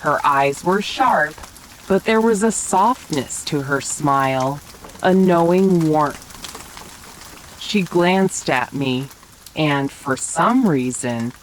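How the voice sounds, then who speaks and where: Low-voiced woman narrator, whispered role-play, slow and gentle for sleep. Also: a little hiss or hum, low-quality recording. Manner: slow, soft bedtime narration. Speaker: storyteller. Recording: faint rain sounds behind.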